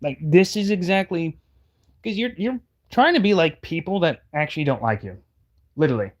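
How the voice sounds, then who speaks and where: A man's voice: a little high, lively intonation, normal speed. A man giving casual reaction commentary, rambling and heated, stumbling over restarts. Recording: dull lo-fi audio.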